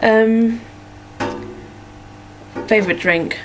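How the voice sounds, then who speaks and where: Speaking extremely slowly in a higher-pitched voice, a young Norfolk woman with an English accent chats as a vlogger, rambling through follower questions with frequent "um" and "like." Music plays in the background of this rough recording.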